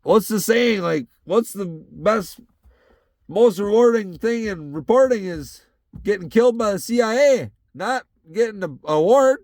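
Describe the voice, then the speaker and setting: A man's voice: high voice, expressive, measured pace, a little mellow, dry recording, studio quality. A young man hosting a casual solo podcast from his truck, ranting in a heated, rambling way and swearing constantly. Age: young adult.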